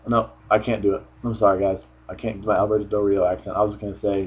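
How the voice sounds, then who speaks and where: A man with a husky, slightly low voice talks through his opinions in a loose, offhand way, often restarting sentences. The sound is dull and lo-fi, like a home recording. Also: flat delivery, fast, few pauses. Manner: rambling, offhand, frequent restarts. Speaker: wrestling show reviewer. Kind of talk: casual solo review commentary.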